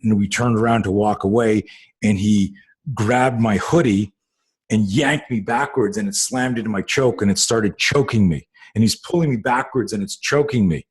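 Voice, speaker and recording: A man hosting a self-defense talk show, telling a long story in a lively way and acting out the people he quotes. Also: lowish voice, moderate pace, breathy edge. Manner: animated, acts out quoted voices, many fillers. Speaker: host and self-defense coach. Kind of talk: conversational storytelling.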